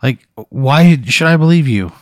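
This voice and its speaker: A man's voice: a little high, expressive, unhurried, darkish tone, dry recording, clean studio sound. A man in casual chat who reacts with reluctant, incredulous swearing and plays along with a silly bit. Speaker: podcast co-host.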